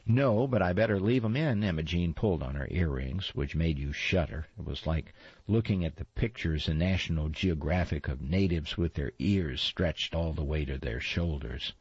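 Low, husky man reading a story. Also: normal speed, dry recording. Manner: wry, lively storytelling. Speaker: narrator. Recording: slightly dull, dry recording.

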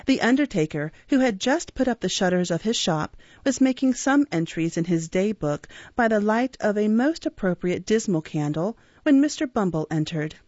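A woman narrating a classic novel in a measured, expressive reading voice. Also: mid-range voice, dry recording. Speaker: audiobook narrator. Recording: dull, dry recording.

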